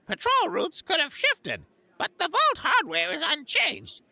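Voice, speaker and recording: A fretful, squeaky little alien creature in a sci-fi storybook. The voice sits extremely high and jumps wildly in pitch, with a gravelly crackle and a piercing, bright edge. It is recorded dry and close. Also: male voice, huge pitch swings, unhurried, no room sound, heavily acted. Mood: protesting. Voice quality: squeaky, creaky. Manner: fretful, protesting. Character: small skittish male alien creature, nervous tech slicer.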